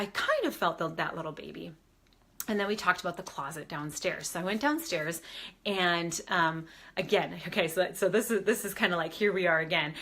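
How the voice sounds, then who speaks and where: A woman working as a medium, casually telling a story to a live audience, chatty and lively, acting out quoted voices. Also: lowish voice. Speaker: medium and spiritual advisor.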